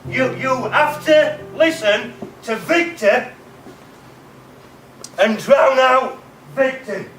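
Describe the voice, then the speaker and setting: A man's voice: very high-pitched, extremely slow, pauses often, fairly bright tone, a little hiss or hum. A man with a stammer giving an emphatic motivational talk to students, repeating key words. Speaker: keynote speaker. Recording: roomy, distant mic, faint music.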